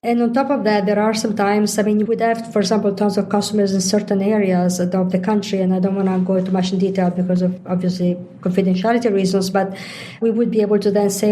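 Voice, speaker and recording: A woman's voice: medium pitch, little pitch movement, fast, mellow, a little hiss or hum. A middle-aged woman, a guest in an interview, explaining her points at length with examples. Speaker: interview guest, digital executive. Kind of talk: conversational interview.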